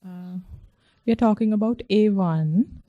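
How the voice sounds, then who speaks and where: A woman answering in a class, hesitant and pausing often on fillers. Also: medium pitch, no echo, phone-quality sound.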